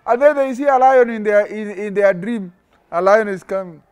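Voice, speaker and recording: A man's voice: high voice, moderate pace, clear, resonant tone, lo-fi sound. A young man hosting an interactive children's lesson, acting out little stories and prompting the kids to finish his sentences. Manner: animated, acts out stories, call-and-response questions. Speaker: children's religious teacher and host.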